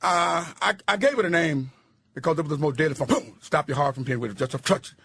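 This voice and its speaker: A man in his sixties, a guest on a talk radio show, speaking loudly, roughly and emphatically as he preaches his views. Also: fairly high pitch, quick pace, dry recording. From United States. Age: 60s.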